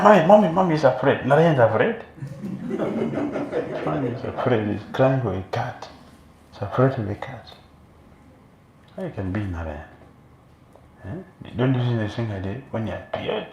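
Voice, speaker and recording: Gravelly-voiced man preaching in an echoey hall. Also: fairly low pitch. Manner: animated storytelling with laughter. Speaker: monk preacher. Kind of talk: sermon. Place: temple hall. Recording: echoey room, faint noise.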